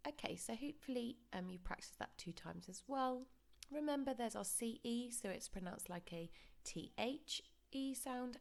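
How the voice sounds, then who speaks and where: A woman teaching a lesson over slides, explaining pronunciation patiently and modelling words slowly for repetition. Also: a little high, animated, creaky, a little mellow. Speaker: Spanish teacher. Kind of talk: recorded classroom lesson.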